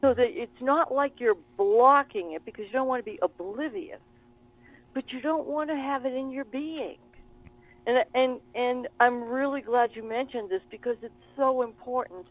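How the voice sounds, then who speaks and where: A woman guest in an interview, telling stories in an animated, expressive way. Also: on the high side, normal speed. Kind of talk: interview conversation. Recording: tinny phone line.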